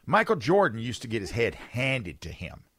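A man's voice: medium pitch, wildly swooping pitch, moderate pace, fairly bright tone, no room sound. A man hosting a talk radio show, rambling and sarcastic in an opinionated chat from a studio.

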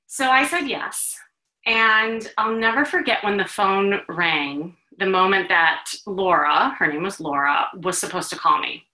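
A woman from Chicago, hosting a talk for women and telling her own story in an animated, confiding way with laughs and restarts. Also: medium pitch, unhurried, roomy sound, rough recording. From Chicago, USA. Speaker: host, dating coach. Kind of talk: personal storytelling to an audience of women.

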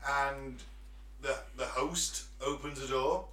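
A man's voice: mid-range voice, steady tone, slow pace, sharp tone, recorded from a distance. A man hosting a casual comedy podcast, jokey and rambling as he tells stories. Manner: jokey and rambling, with filler restarts. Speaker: podcast host. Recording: echoey room, a bit off-mic.

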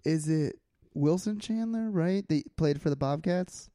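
A man's voice: on the high side, measured pace, dark tone, dry recording, clean studio sound. A man co-hosting a podcast, laughing often in playful casual banter. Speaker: podcast co-host. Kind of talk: casual chat.

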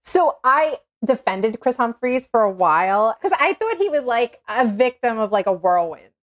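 A woman guest in casual chat, telling lively anecdotes. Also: a little high, moderate pace. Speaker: podcast guest.

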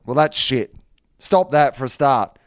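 A man's voice: mid-range voice, lively intonation, measured pace, a bit bright, dry recording, clean studio sound. An Australian man co-hosting a sports podcast, chatting casually with lots of fillers and some swearing. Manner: loose, swearing, frequent fillers. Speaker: podcast co-host.

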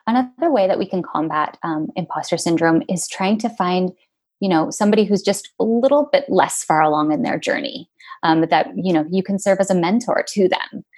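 A woman's voice: medium pitch, darkish tone. A woman guest in an interview, talking in a reflective, casual way with many fillers.

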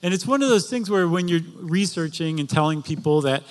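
A man's voice: on the high side, animated, fairly quick. Jokey man telling a story live. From Florida. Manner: jokey, chatty, laughs often. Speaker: podcast co-host. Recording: live show before an audience.

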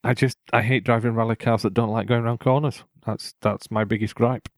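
A man's voice: medium pitch, steady tone, fairly quick, dry recording, studio quality. A man hosting a casual gaming podcast, chatty and opinionated, laughing often. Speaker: podcast host.

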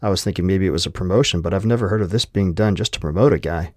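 A man's voice: sits low, rapid-fire, a little mellow, no echo, clean studio sound. A man voicing a wary, exasperated pilot and father, blunt in his speech.

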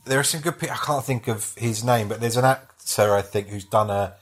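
A man's voice: fairly low pitch, brisk. Meandering male comedian guest. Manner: meandering, self-interrupting, laughing asides. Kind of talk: casual comedic chat.

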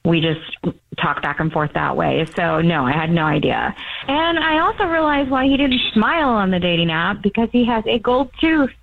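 A woman's voice: medium pitch, animated, normal speed, creaky. Woman on the phone, kinda hesitant, blunt, tinny noisy line. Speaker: phone guest. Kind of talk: phone call on a radio show.

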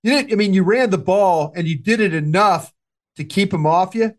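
A man co-hosting a casual football podcast, talking in a rambling, halting way with many restarts. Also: high-pitched. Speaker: podcast co-host, football analyst. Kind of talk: casual sports talk.

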